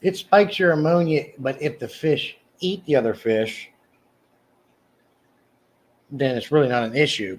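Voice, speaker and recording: A man hosting a casual livestream, answering viewers' comments by name in a rambling way with frequent restarts. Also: breathy edge. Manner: mock sales pitch, slow and emphatic. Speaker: livestream host. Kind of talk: casual live chat reading comments.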